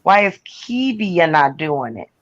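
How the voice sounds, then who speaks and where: A woman's voice: low-pitched, very animated, unhurried, highs cut off. A woman hosting a live-stream chat, rambling in heated gossip talk.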